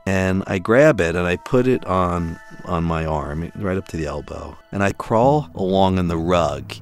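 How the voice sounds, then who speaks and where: A middle-aged man, a father, telling his family's story in an animated, emphatic way, acting out what others said. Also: low-pitched, unhurried, faint music behind.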